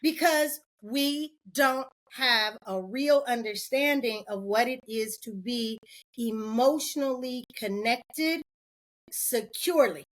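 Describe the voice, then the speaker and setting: Animated woman who laughs between points. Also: fairly high pitch, slow pace. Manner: animated, laughs often, acts out quoted voices. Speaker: podcast guest. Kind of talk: candid podcast conversation.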